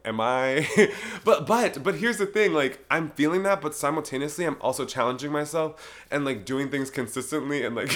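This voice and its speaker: A man's voice: on the high side, a bit bright. Giggly rambling young man hosting solo. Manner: giggly, rambling, self-interrupting. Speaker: podcast host. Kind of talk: casual solo monologue.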